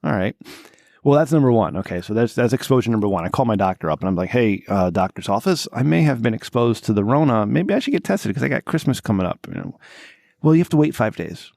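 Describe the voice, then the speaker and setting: A man co-hosting a podcast, telling a long story in casual chat, swearing freely and jumping to a high, exasperated voice when he quotes himself. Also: quick pace, gravelly, no echo, clean studio sound. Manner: animated, profane, voice jumps high when exasperated. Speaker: podcast co-host.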